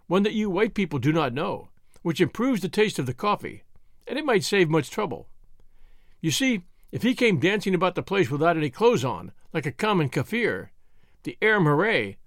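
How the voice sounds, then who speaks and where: A man's voice: high-pitched, no room sound, studio quality. A man reading the part of a sly, scheming but loyal male servant, speaking in a wheedling, conspiratorial way.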